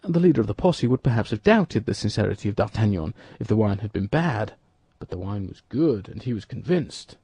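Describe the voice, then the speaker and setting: A man narrating an audiobook in an expressive, dramatic storytelling manner. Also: on the low side, fairly quick, husky, no echo. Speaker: audiobook reader. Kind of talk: scripted narration.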